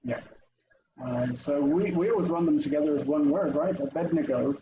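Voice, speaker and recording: A man's voice: on the high side, moderate pace, muffled recording, slight background noise. A man leading an online language class over a video call, calling on students by name and thinking aloud as he explains. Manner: animated, asks students in turn, thinks aloud. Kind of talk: interactive online language lesson.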